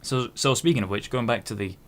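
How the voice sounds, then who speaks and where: At a quick pace and medium pitch, a podcast host in his twenties goes on a rambling solo monologue. He keeps interrupting himself and swears casually.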